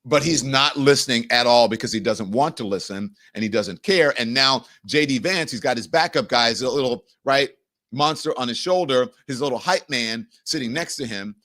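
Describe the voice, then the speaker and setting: A man hosting a show, giving animated, exasperated political commentary over news clips. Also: mid-range voice, moderate pace. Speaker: show host.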